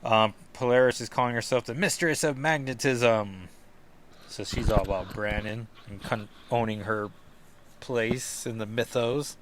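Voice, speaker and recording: A man's voice: mid-range voice, unhurried, fairly bright tone, a little hiss or hum. A man hosting a comic book podcast, giving casual, rambling commentary with jokey asides.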